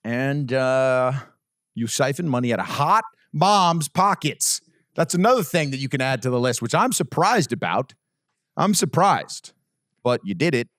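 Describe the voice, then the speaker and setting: A man hosting a casual podcast roast, teasing a guest with lively, repetitive banter. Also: medium pitch, a little slow, no room sound, clean studio sound. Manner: lively, teasing, laughs a lot, repeats himself. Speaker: podcast host.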